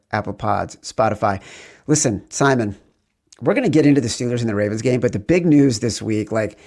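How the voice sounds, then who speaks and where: A middle-aged man hosts a sports betting podcast with playful, excitable energy. His voice sits at an ordinary pitch, and he stretches some words into sing-song calls before rattling on quickly. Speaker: podcast host.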